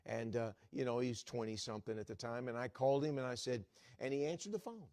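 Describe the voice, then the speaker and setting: Man, middle-aged, evangelist, folksy storytelling sermon, mid-pitched voice, dry recording. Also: quick pace, a little mellow, dry recording. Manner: folksy, acts out dialogue with restarts. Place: church.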